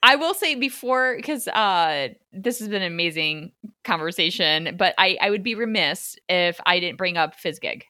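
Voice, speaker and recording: A woman hosting a casual film discussion, chatty and animated with lots of fillers. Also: fairly low pitch, normal speed, few pauses, no room sound, clean studio sound. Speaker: podcast host.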